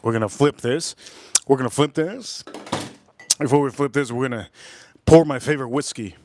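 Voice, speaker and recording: A middle-aged man from Miami with a Miami accent, chatting casually on a livestream as he reviews whiskey, rambling and repeating his phrases. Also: mid-range voice. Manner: rambling, repetitive, drawn-out phrases.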